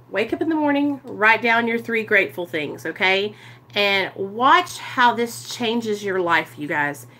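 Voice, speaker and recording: A woman talking casually and earnestly to her viewers in a recovery vlog, animated and direct. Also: medium pitch. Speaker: recovery vlogger. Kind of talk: casual livestream-style talk to viewers.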